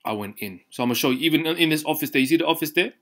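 Fast-talking young gaming commentator. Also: male voice, fairly high pitch. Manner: excited, slangy, addresses viewers directly. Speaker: gaming YouTuber. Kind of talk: casual gameplay commentary.

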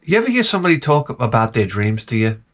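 A man's voice: medium pitch, big pitch swings, fast. A man vlogging in a casual, rambling monologue, telling wry stories full of "like"s and restarts. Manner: meandering, wry storytelling with many "like"s.

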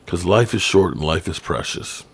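A middle-aged man talks football on his own podcast in a blunt, rambling way. His voice sits a bit low, and he sounds worn out, as if it is late at night. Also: lively intonation, moderate pace, husky. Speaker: sports podcast host. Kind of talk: casual solo commentary.

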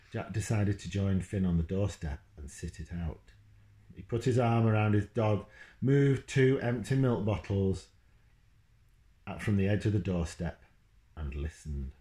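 Guy reading his kids book out loud, low voice, really lively, echoey room. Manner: expressive, breaks off to talk to his dog. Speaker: children's author. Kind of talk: reading a children's book aloud. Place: at home, indoors. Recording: roomy echo.

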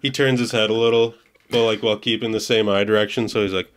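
A man's voice: fairly low pitch, little pitch movement, fast. A young man hosting a podcast in casual chat, laid-back, laughing often and swearing casually. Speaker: podcast host.

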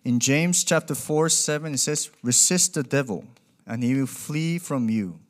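Lively young male preacher. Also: medium pitch, unhurried. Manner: animated, acts out quoted voices, non-native grammar. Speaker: pastor. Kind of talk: sermon with storytelling.

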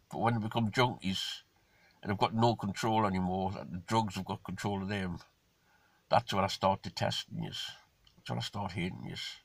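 A man's voice: on the low side, fairly bright tone, no room sound. A man giving a casual, ranting monologue, blunt and indignant. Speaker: vlogger.

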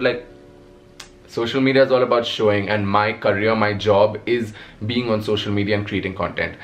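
A young man from Nepal with a Nepali accent, a content creator answering viewer questions in a casual vlog, wry and self-mocking. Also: fairly low pitch.

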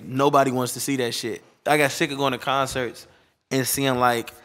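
Male DJ, casual interviewee, laid-back slang, lively when mimicking people. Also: medium pitch, moderate pace.

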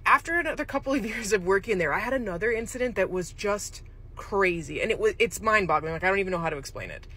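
Bright chatty woman rambling thru a creepy work story, mid pitch. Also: expressive, quick pace, slightly rough. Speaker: storyteller host. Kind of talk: casual spooky storytelling.

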